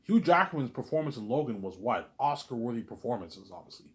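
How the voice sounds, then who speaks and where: A man rambling in a casual monologue, animated and repetitive, arguing with an imagined listener. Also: medium pitch, brisk. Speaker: vlogger.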